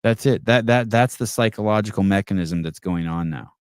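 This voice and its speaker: A man with a fairly low, smooth and resonant voice hosts a live podcast. He swears freely, stumbles and restarts his words, and reads out comments from the chat. The sound is close and dry, with no room echo. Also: brisk, darkish tone. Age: adult with children. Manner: blunt and profane, restarts words often. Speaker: podcast host. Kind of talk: casual live call-in chat, reading viewer comments.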